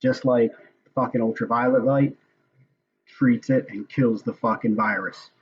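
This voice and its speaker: A man's voice: medium pitch, fairly even intonation, measured pace, slightly rough, highs cut off. A man ranting casually and angrily about a hearing he is watching, swearing often. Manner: profane, angry ranting. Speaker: political commentator. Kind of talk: casual recorded commentary.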